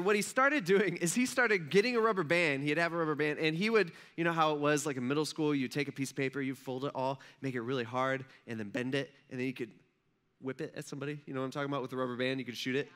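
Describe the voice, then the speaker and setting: A young man preaching to a congregation, telling a story in a lively, conversational way and asking the audience questions. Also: high voice. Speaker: pastor. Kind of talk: storytelling sermon.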